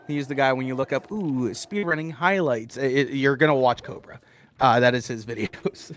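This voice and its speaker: A young man commentating a live speedrun event in a chatty, relaxed way, laughing often. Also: medium pitch, a little fast, slight background noise.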